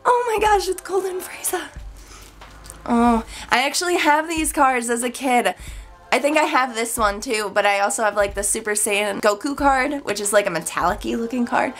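A woman's voice: fairly high pitch, moderate pace, fairly bright tone, soft background music. A young woman vlogging an unboxing, gushing with squealing exclamations and chatty asides, her voice cracking. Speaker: YouTuber. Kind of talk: excited unboxing vlog.

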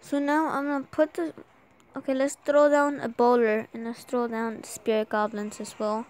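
High-pitched woman gamer, sore throat, getting a cold, cheering her game on out loud. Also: moderate pace, clean tone. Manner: excitable, urging the game on aloud. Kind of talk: live gameplay commentary.

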